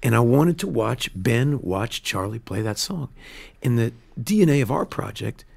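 A man, a film director, telling stories in a casual studio interview, earnest and animated, often restarting his sentences. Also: mid-range voice, moderate pace, vocal fry, slightly rough. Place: radio studio.

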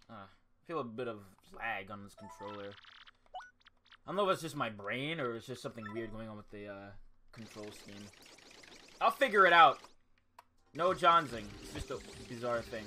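A man's voice: mid-range voice, lively intonation, moderate pace, long pauses, pushed and bright, faint music behind. A man streaming a video game, muttering and rambling casual asides to himself. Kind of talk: casual live-stream gameplay chat.

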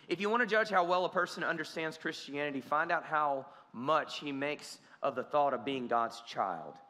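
Earnest preacher with a bright voice. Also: male voice, fairly high pitch, lively intonation, moderate pace, few pauses. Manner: earnest, conversational, with frequent restarts. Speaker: pastor. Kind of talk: sermon. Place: church sanctuary. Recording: church hall reverb.

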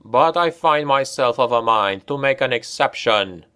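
A man's voice: medium pitch, expressive, measured pace, sharp tone, smooth. A man playing a furious vampire knight in an audiobook, who hisses his words. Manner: hissing.

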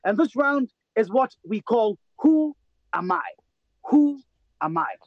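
A Ghanaian man runs a quiz segment in a very high voice that leaps up and down as he teases the contestants. The sound is dry and close, with a dull, lo-fi edge. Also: sing-song, takes it slowly, dry recording. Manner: playful, teasing, mixes in Twi. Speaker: quiz host. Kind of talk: game show hosting.

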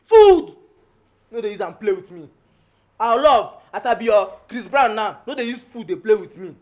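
An actor with a Nigerian Pidgin accent playing a comic young houseboy, greedy and lovestruck, who rambles and pleads theatrically. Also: male voice, sits high, fairly quick, lightly acted. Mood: indignant. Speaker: actor playing a lovestruck, food-obsessed houseman named Friday. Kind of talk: Nollywood film acting.

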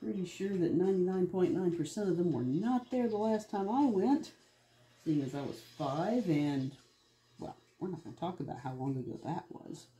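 An art channel host chats casually while making art, rambling from topic to topic. His high voice is animated, with a dark tone and moderate pace. The room echoes, and faint music plays in the background.

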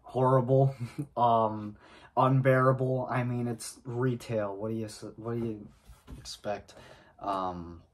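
A man speaks to camera in an unhurried, drawn-out way, as if recounting something that happened to him. His delivery halts and restarts, with pauses and throat clearing between phrases. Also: medium pitch, fairly even intonation, a little hiss or hum. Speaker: vlogger. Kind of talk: casual storytelling to camera.

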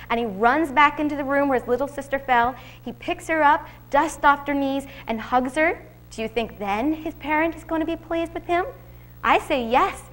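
A woman reading a Bible devotional, earnest and teaching, slowing down to read scripture aloud. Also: sits high, fairly bright tone. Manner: earnest, slows for scripture quotes.

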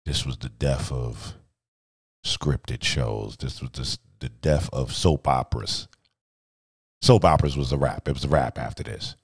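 A very deep, husky voice speaks a little slowly, with no room sound, belonging to a middle-aged streamer and music video director. Live from his home studio, he rambles casually through one story after another, joking, bragging, and cursing.

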